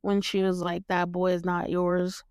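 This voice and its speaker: A young woman hosting a casual TV recap chat, animated and laughing, acting out lines in playful voices. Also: on the low side, normal speed, clean tone, no echo. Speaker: podcast host.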